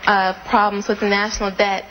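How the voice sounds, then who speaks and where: A woman's voice: mid-range voice, level tone, brisk, a bit bright, in a large hall, slight background noise, rough recording. A woman in the audience asking a panel pointed, persistent questions.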